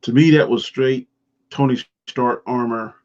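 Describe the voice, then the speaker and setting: A man chatting casually on a live stream, relaxed and agreeable, making short remarks. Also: mid-range voice, unhurried. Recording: dull, lo-fi audio.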